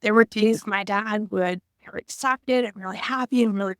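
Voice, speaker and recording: A woman in her thirties talking to camera about her own past, halting and emotional, often searching for words. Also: medium pitch, fairly bright tone, no room sound, studio quality. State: tearful at times. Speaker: vlogger. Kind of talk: personal reflective talk to camera.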